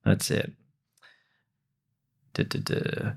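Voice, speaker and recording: A man co-hosting a podcast, giving casual motivational advice to real estate agents. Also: drawn-out words. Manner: motivational, peppered with "you know" and laughs.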